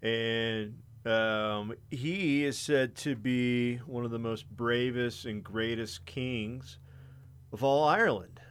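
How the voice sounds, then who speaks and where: A man's voice: mid-range voice, slow pace, fairly bright tone, smooth. A man hosting a podcast, casually telling a long story with lots of swearing and fillers. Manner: rambling, profane, many fillers. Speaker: podcast host.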